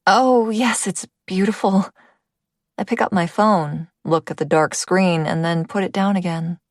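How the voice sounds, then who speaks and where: A woman's voice: on the low side, fairly even intonation, normal speed, dry recording, clean studio sound. A woman reading a first-person audiobook, intimate in tone and dropping to a whisper at tense moments. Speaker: audiobook narrator.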